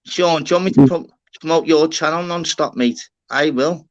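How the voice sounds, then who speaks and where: A man's voice: a little high, moderate pace, highs cut off, over a noisy crowd. A man hosting a casual live-stream chat. He rambles, swears freely and keeps calling people "lad". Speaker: host of a live stream panel.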